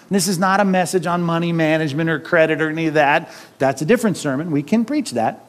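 A man's voice: fairly high pitch, lively intonation, fast, few pauses. A man preaching a sermon as pastor, talking conversationally with the congregation and tossing in frequent rhetorical questions and chuckling asides.

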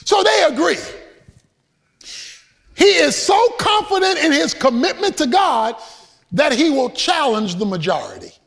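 A man preaching a sermon, shouting with emphasis in a sing-song cadence and adding humorous, folksy asides. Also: very high voice, big pitch swings, measured pace, gravelly, pauses often.

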